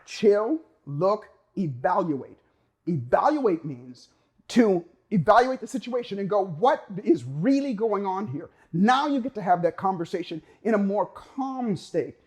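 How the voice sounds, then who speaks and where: A man giving a motivational talk, energetic and emphatic, acting out the voice of a worried mind and stretching key words for effect. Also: high-pitched. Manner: energetic, acts out inner voices, drawn-out emphasis. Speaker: motivational speaker.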